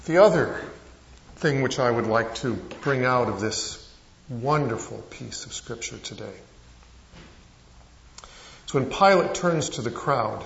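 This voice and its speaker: A man's voice: mid-range voice, expressive, unhurried, gravelly, pauses often, fairly bright tone, slight background noise. A male pastor preaching a sermon, telling stories with rising and falling emphasis. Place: church sanctuary. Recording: echoey church, dull lo-fi sound.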